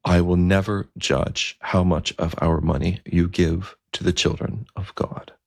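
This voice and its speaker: An earnest, humble king puts his questions in a pleading way, as a man acts him out. The voice sits noticeably above the narrator's own but stays low, with a gravelly rasp. The recording is dry and close. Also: little pitch movement, a little slow, no echo, exaggerated voice. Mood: humbled. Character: humble pious Anglo-Saxon king, man.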